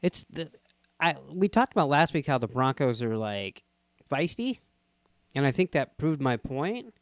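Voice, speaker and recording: A man talks football on a casual podcast, joking and swearing as he trades quick remarks with his co-host. His voice is smooth and clear, recorded close and dry with no room sound. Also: a little high, very animated, no room sound. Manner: profane, joking, quick back-and-forth. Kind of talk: casual sports chat.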